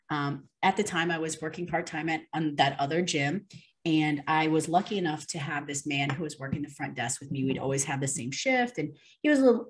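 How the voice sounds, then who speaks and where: Low-voiced woman telling a personal story. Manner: earnest, with many fillers and restarts. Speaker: interview guest.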